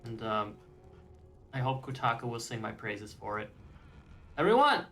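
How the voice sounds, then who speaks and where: A man streaming a video game, chatting casually in a rambling, joking way, with swearing, often trailing off softly. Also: on the low side, fairly even intonation, moderate pace. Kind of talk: casual gameplay commentary.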